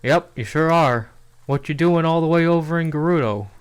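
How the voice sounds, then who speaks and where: A man's voice: on the high side, moderate pace, clean tone, pitched above the performer's own voice, lightly acted. A man voicing Turek, a cheerful big villager. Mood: friendly. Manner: friendly, gently reassuring.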